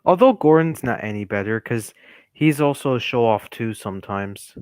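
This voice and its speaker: A man's voice: mid-range voice, animated, moderate pace, a little mellow, clean tone, no room sound. Man in casual chat, dry sound.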